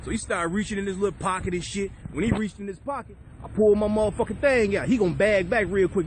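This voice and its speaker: Profane man ranting high. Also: fast talker, few pauses, background noise. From Chicago. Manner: profane, blunt, confrontational. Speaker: vlogger. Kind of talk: heated storytelling rant.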